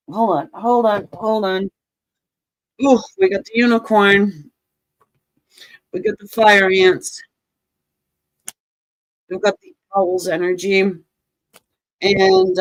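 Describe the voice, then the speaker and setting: A woman's voice: medium pitch, no room sound, poor audio. A woman giving a casual tarot reading, joking and sarcastic, swearing and laughing often. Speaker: tarot reader.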